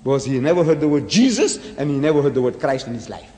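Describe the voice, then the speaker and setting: A man's voice: medium pitch, animated, fast talker, warm tone. A man giving a dramatic religious lecture full of rhetorical questions. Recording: echoey hall.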